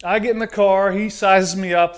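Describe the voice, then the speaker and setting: A man's voice: high-pitched, fairly even intonation, moderate pace. An American man doing a stand-up comedy routine, telling stories and acting out the dialogue. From United States. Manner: storytelling, acts out dialogue.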